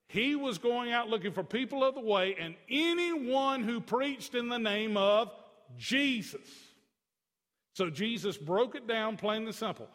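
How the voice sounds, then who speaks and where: Male pastor, high-pitched, folksy and chatty from the pulpit, long hall echo. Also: lively intonation, a little slow, fairly bright tone. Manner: folksy, chatty asides to the congregation. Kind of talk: conversational sermon. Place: church sanctuary.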